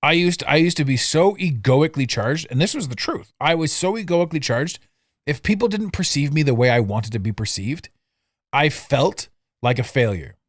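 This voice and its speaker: A middle-aged man hosting a solo podcast, chatting casually and mocking himself, with sudden loud bursts and low asides. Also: normal speed, no echo, clean studio sound. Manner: animated, swings between loud outbursts and low asides; self-mocking, laughs at himself. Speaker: podcast host. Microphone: studio mic, audio only.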